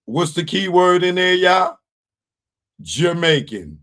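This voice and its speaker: A man with a somewhat high voice hosts a live commentary stream. He rants hard, swears freely and fires off rhetorical questions at his listeners. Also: lively intonation, takes it slowly, fairly bright tone. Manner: profane, heated ranting with rhetorical questions. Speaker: commentary show host. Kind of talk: live current-events commentary.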